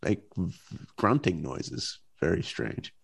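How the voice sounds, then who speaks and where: A man's voice: deep voice, sing-song, takes it slowly, gravelly, fairly bright tone, husky. A man co-hosting a casual podcast chat, laughing often and chiming in with details. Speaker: podcast co-host.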